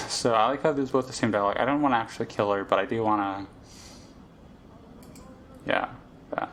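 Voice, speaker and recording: A man's voice: on the low side, a little fast, pauses often, a bit bright, slight background noise. A man casually commentating a game he plays, rambling and thinking aloud with lots of fillers. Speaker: let's play host.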